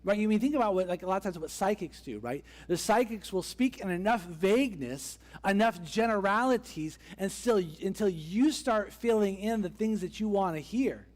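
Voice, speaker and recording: A man's voice: high voice, lively intonation, moderate pace, hardly any pauses. A man preaching a conversational sermon as a pastor, acting out the characters' voices as he tells the story. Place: church sanctuary. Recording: long church hall reverb.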